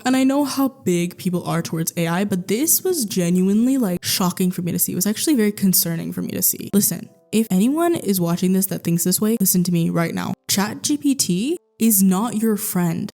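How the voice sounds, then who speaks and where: A young woman doing a commentary rant vlog, exasperated and animated, firing off rhetorical questions and swearing now and then. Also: mid-range voice. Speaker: YouTuber. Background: soft background music.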